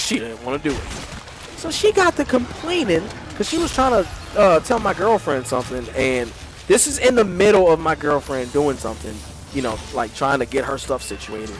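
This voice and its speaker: A man's voice: a little high, poor audio. A man telling a story while playing a game, acting out the people he quotes. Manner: animated storytelling with mimicked quotes. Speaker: gaming streamer. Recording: game music in background.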